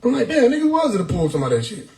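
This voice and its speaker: A man hosts a casual live stream, reading chat and riffing on it with loud laughter and blunt profanity. His voice sits a bit high and swings widely in pitch, animated from line to line. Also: rapid-fire, rough recording. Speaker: livestream host reading chat. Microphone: phone or desktop mic on a live stream.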